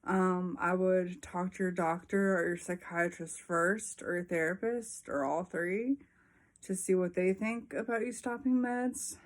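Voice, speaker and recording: A young woman speaks plainly and candidly to her viewers, sharing personal experience. She talks slowly, her voice sitting a little low, and she fills her pauses with frequent ums. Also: fairly even intonation. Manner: frank and unhurried, frequent ums. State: a little out of breath. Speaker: vlogger. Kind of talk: casual personal talk to camera.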